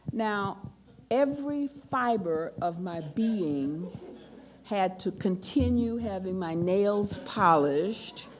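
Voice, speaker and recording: A woman's voice: mid-range voice, a little hiss or hum. An older American woman answering a question at a conference, telling a story and acting out the quotes. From United States. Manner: animated, with acted-out quotes. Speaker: keynote speaker.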